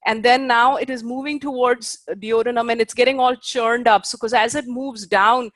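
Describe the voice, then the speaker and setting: A woman's voice: a little high, fairly even intonation, normal speed, fairly bright tone, dry recording. Woman teaching in a dry, close voice. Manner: explains patiently, with fillers, checking understanding; careful over Sanskrit pronunciation. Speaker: Ayurveda teacher. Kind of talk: lecturing a class.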